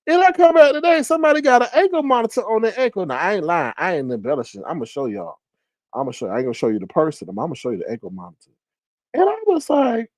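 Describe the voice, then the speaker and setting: A man hosting a live stream and spinning comic, profane stories for his chat. His voice swings widely, leaping into loud high exclamations when he retells what he said, and the sound is dry and close. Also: big pitch swings, fast, no echo. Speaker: livestream host. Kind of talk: casual storytelling to a live chat.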